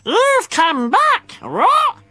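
A man's voice: very high-pitched, wildly swooping pitch, extremely slow, pushed and bright, no echo, soft background music, pitched above the performer's own voice, full character voice. A man voicing a frantic female parrot who squawks and repeats one word in a storybook reading. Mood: frantic squawking.

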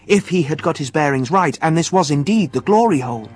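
Expressive male audiobook narrator. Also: on the high side, fairly quick, few pauses, faint music behind. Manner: expressive, vivid storytelling. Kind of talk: audiobook narration of a children's adventure.

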